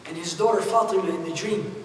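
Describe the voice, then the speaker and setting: A man's voice: high-pitched, quick pace, a little mellow, slight background noise. A man giving a storytelling sermon as an imam, acting out the characters with casual slang. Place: mosque hall. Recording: echoey hall from far off.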